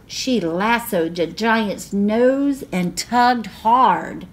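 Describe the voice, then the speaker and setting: A woman reading a picture book aloud as a library storyteller, slow and expressive. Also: mid-range voice.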